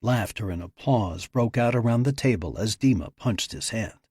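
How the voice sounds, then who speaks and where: Husky man narrating an audiobook. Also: fairly low pitch, moderate pace, darkish tone, no echo, clean studio sound. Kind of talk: scripted narration.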